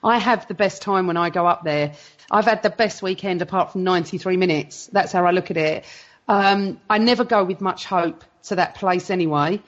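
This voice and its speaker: A woman's voice: lowish voice, normal speed. Ranting woman on a muffled line. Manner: animated, ranting and swearing freely. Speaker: podcast guest. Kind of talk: casual podcast chat.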